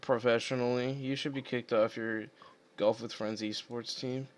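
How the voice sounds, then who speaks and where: A man's voice: medium pitch, steady tone, normal speed. A man hosting a casual gaming chat, giggling and cracking crude jokes. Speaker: channel host.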